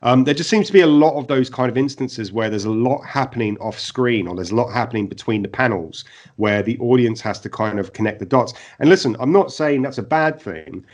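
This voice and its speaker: A man, co-hosting a podcast and reviewing a TV episode in casual, animated chat full of fillers and restarts. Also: medium pitch, fairly quick. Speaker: podcast co-host.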